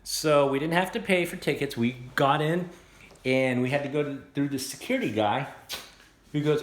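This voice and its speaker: A man casually telling a story and showing off his guitars at home, rambling and animated. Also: a little high, moderate pace, roomy sound. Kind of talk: casual storytelling and show-and-tell. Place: room at home, guitar workshop.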